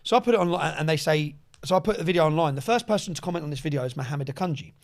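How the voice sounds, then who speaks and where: A man, a podcast guest telling a long story in a casual, animated way, often checking in with "yeah?" and "bruv". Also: on the high side, racing. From England.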